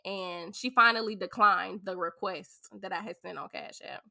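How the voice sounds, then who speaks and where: Gravelly, bright-toned woman telling a story. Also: mid-range voice, normal speed. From St. Louis, USA. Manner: animated, chatty storytelling. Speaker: podcast guest, beauty business owner. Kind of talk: casual storytelling.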